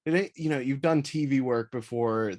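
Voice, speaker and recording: A male interviewer who keeps the chat loose and friendly. His voice sits at an ordinary middle pitch. He leans on "like" and "you know" as he shapes his questions. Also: moderate pace, a little mellow. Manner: chatty and upbeat, with many "like" and "you know" fillers. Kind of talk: casual video interview.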